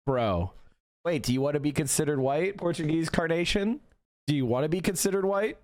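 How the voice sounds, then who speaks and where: Man, young adult, streamer, profane emphatic rant, very animated pitch, dry close mic. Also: moderate pace, dry recording. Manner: profane, emphatic ranting, reads chat aloud. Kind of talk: casual livestream commentary.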